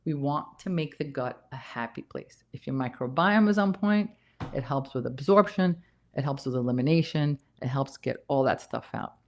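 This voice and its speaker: A woman's voice: rumbling low, animated, moderate pace, a little mellow. A woman nurse practitioner giving a casual health talk, emphatic and repeating key points, a little out of breath. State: slightly out of breath.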